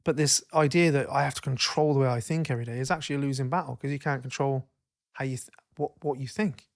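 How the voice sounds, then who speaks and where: A man co-hosting a podcast in casual chat, rambling and self-interrupting, swearing freely and getting animated when he tells stories. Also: medium pitch, fast talker, creaky. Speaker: podcast co-host.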